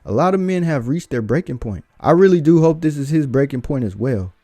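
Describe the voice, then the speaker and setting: A man's voice: on the high side, animated, a little fast, warm tone, no echo. Blunt, lecturing male commentator. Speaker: reaction video host. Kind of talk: opinionated commentary.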